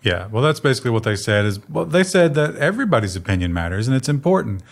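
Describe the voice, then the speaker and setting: A man's voice: medium pitch, big pitch swings, quick pace, vocal fry. Sarcastic male tech news co-host. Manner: sarcastic, jokey asides. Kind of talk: casual news discussion.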